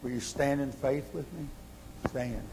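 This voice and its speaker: A man preaching a sermon as pastor, surging to loud exhortation and sinking to quiet appeals. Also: unhurried, gravelly, noisy background. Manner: impassioned, rising to loud exhortation then dropping low. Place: church sanctuary.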